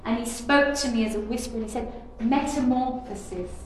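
A woman preaches an earnest, declarative devotional message, often repeating and restarting her phrases. Her voice is on the high side with fairly even intonation, and she talks fast. The room is very echoey, with faint noise.

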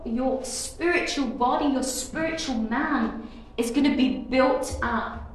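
High-voiced woman preaching in an echoey room. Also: slow pace. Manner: earnest, declarative, with repetitions and restarts. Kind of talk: charismatic devotional message. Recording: very echoey room with faint noise.

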